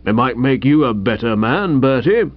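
A man's voice: mid-range voice, lively intonation, normal speed, dry recording, lightly acted. A man voicing a stout, pompous older uncle, a clubman smitten with a young girl, in a musing way. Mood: defiant. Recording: dull dry recording.

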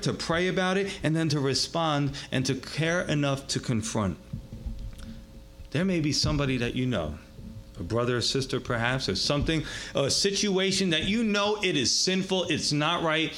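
A man preaching a sermon as pastor, emphatic, swinging between raised and hushed delivery. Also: a little high.

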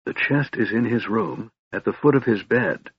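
A man voicing a determined young elven princess who gives quiet, urgent instructions. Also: mid-range voice, animated, normal speed, slightly rough, dull audio. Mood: whispering.

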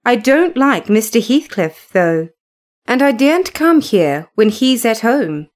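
A woman reading a storybook, voicing an affectionate, earnest teenage girl in a soft, tender manner. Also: fairly high pitch, big pitch swings, unhurried.

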